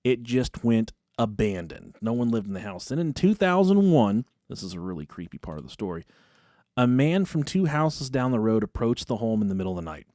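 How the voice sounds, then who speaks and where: A podcast host tells a spooky story with comedy, loose and full of swearing. His voice sits at a typical male pitch. The sound is close and dry. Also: sing-song, a little fast, warm tone, dry recording. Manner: profane and casual.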